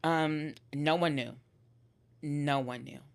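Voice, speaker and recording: A young woman with a notably low, deep speaking voice shares a personal story as a podcast guest. She talks candidly and with emotion, leaning on "like" as she recounts events. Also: steady tone, takes it slowly, vocal fry, smooth. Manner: candid, emotional retelling with many filler likes.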